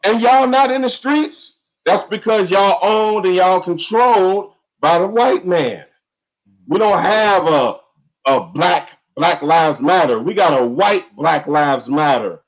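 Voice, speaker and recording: A man's voice: high-pitched, slow pace. A man speaking on an online call, ranting with fiery, repetitive, emphatic outbursts. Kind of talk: impassioned call-in talk. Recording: dull lo-fi online call audio.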